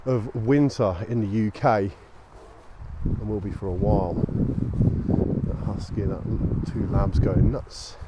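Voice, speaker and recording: A man's voice: lowish voice, steady tone, slow, highs cut off, heavy background noise. A tired man chatting casually while walking his dog outdoors, rambling and easygoing with lots of fillers, recorded on a small action camera. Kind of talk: casual walk-and-talk chat. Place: outdoors on a local street at dusk.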